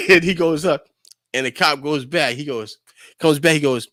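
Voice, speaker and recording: A man from New York telling stories in casual podcast chat, animated and full of fillers, acting out the voices of people he quotes. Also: fairly high pitch, unhurried, dry recording, clean studio sound. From New Rochelle, New York.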